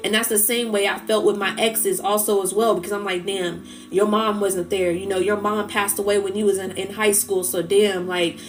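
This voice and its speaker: Over soft background music, a woman hosts a spiritual livestream, speaking at medium pitch in a level tone at a moderate pace with few pauses. She rambles emotionally, using many fillers, and becomes tearful as she talks about healing.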